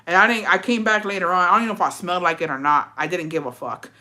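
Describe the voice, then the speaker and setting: Talking very fast in a fairly low, pushed and bright voice, this livestream host relates a personal story. She handles chat comments bluntly and profanely, regularly ending lines with "bitch."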